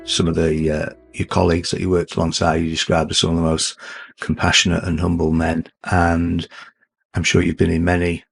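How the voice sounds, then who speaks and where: A male podcast host asks measured, thoughtful questions in a gravelly, low voice. Faint music plays behind him. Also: monotone. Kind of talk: interview questions.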